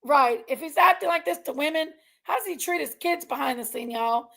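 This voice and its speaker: A high-pitched woman with a gravelly, fry-laden edge to her voice. She rants to her viewers in a heated, casual stream. She sounds fired up and keeps reminding herself to calm down. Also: brisk. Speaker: online commentary streamer.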